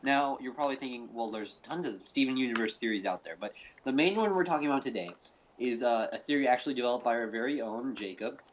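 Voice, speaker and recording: A man's voice: medium pitch, fast talker, dull audio. Guy doing a goofy serious theory thing over a call, lots of ums, restarts, faint hiss behind. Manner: rambling, full of fillers and restarts. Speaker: host. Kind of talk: mock-serious theory presentation. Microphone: call recording.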